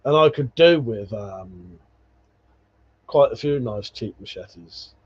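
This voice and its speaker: Over dull lo-fi stream audio, a male livestream host chats with viewers, reads their comments, and wanders through stories loaded with swearing and laughter. His husky, medium-pitched voice is expressive and slow.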